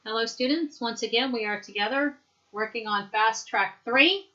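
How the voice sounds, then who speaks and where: A woman teaching an English lesson, modeling words slowly and clearly for students to repeat. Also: a little high, bright, forceful tone. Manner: slow, clear drilling with modeled pronunciation. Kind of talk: recorded online language lesson. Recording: dull lo-fi recording.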